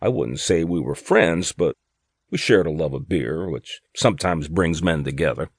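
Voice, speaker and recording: A man's voice: a bass voice, animated, normal speed, breathy edge, no room sound. A man narrating first-person fiction as an audiobook, in a dry, wry storytelling manner.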